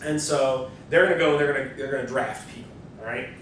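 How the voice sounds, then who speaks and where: Male lecturer, casual and talky, recorded from afar in a booming, echoey hall. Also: fairly bright tone. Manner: casual and conversational, with quick asides. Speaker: history professor. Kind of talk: university lecture. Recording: distant mic, very echoey lecture hall, faint rumble.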